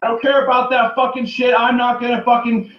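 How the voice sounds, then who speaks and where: A man on his own, in an angry and rambling rant full of swearing that keeps circling back and sometimes breaks into shouting. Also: very high voice, completely flat delivery, a little fast. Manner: profane, rambling and repetitive, often shouting. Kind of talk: angry solo rant to camera. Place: room by a running turtle tank. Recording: echoey, distant, dull lo-fi. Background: running water.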